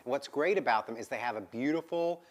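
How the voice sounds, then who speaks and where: A man co-hosting a live shopping stream, chatting and enthusiastically pitching products. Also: expressive, quick pace. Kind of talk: casual live-stream chat.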